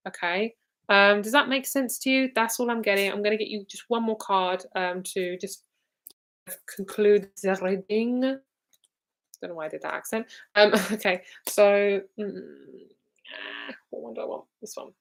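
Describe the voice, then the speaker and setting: A young woman giving live tarot and psychic readings. She talks in a casual, rambling way, often says "like" and swears now and then. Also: medium pitch. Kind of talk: live-streamed card reading.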